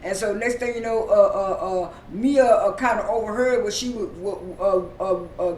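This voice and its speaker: A man with a high-pitched voice retells a TV episode in a loose, casual way, stumbling over fillers and repeating himself as he goes. He sits some distance from the mic in an echoey room, with a faint low rumble underneath. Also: a little mellow. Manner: halting, many fillers and repeated words. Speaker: TV episode recapper. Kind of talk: casual spoken recap.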